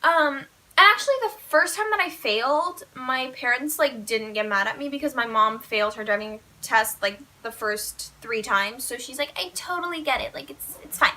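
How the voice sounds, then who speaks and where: A teenage girl spills a storytime to her viewers in a chatty, animated rush, with "like" in nearly every phrase. Her voice sits high and sounds bright and sharp. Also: normal speed. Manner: chatty, fillers of "like", animated retelling. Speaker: vlogger. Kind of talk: casual storytime vlog.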